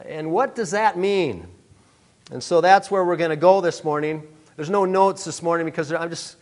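A man preaching a sermon to a congregation, earnest and emphatic, often pausing with "uh". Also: on the high side. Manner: earnest, emphatic, many "uh" fillers. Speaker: pastor.

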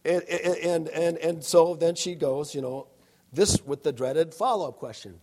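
A man's voice: fairly high pitch, a little slow, a little mellow. A middle-aged male pastor giving a sermon, conversational and humorous, often adding "all right?" to his points.

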